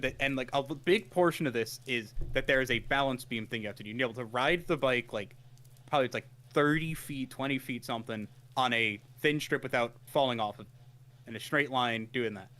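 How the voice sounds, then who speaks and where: A man with a sharp, mid-range voice co-hosts an easygoing anime podcast. He retells episodes in a meandering way, often backing up to restart, and laughs at his own account.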